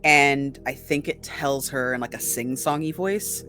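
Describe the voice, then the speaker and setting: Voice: medium pitch, measured pace, over music. Player narrating a character. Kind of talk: narrating a character in a tabletop game.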